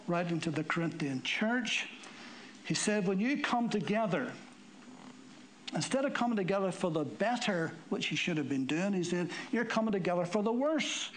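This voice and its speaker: A man's voice: slight background noise, low-quality recording. A man preaching a sermon, reading scripture aloud and explaining it with emphatic, rising delivery. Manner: emphatic, climbing higher and louder when stirred.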